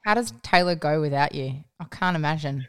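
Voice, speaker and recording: Teasing woman, a bit low. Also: brisk, smooth. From Australia. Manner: teasing, blunt, swears casually. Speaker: podcast co-host. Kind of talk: casual chat.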